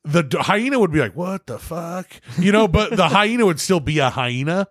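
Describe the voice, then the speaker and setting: A man's voice: high voice, fairly quick, no room sound, studio quality. A man hosting a casual chat, telling stories with lots of swearing and laughter. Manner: animated storyteller, swears a lot, laughs often. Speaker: podcast host.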